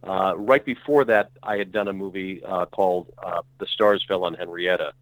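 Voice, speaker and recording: Low-voiced man, rambling interview guest. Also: steady tone, normal speed, no room sound, highs cut off. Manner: rambling, reflective storytelling. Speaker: actor guest. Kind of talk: casual interview.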